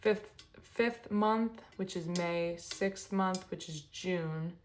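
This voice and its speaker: A woman's voice: on the low side, slow pace, slight background noise. A woman doing an intuitive tarot reading in a loose, rambling way, often stopping herself and laughing. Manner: rambling, self-interrupting, giggly. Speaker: tarot reader.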